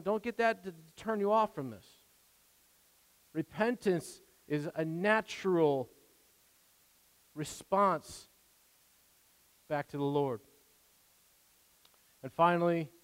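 A man's voice: a little high, clear, resonant tone. A man preaching a sermon in an earnest, conversational way, stopping and restarting, acting out quoted prayers. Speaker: pastor. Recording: long hall reverb.

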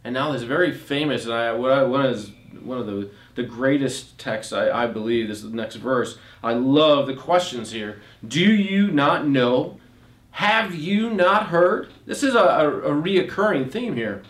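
A man's voice: mid-range voice, animated, normal speed, hardly any pauses. Man preaching in an echoey room. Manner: reads scripture and comments, rising on rhetorical questions; frequent restarts while explaining. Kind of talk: sermon with scripture reading.

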